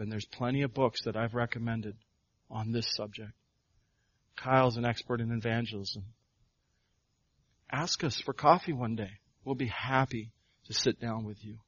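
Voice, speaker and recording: A man's voice: medium pitch, dry recording, dull audio. A male pastor preaching a sermon, firing off rhetorical questions and building to emphatic proclamations.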